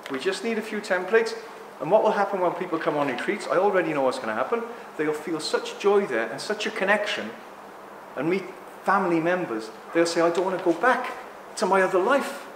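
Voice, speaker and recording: Middle-aged man, speaker at a live talk, excitable, ranting, slightly high voice, echoey hall, faint background ambience. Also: brisk, noisy background. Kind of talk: impassioned public talk to a live audience. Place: indoor talk venue.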